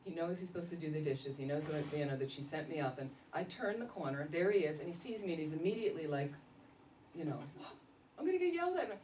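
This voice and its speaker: A woman, a Buddhist nun, giving a casual dharma talk full of lively stories and laughter. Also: sits low, quick pace. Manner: animated storytelling, laughing often. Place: meditation center hall. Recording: roomy echo, distant mic, faint noise.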